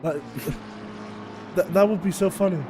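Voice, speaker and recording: A man's voice: sits high, takes it slowly. A man giving chatty, analytical live commentary on a sim race, laughing often. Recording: noisy with race car sound behind.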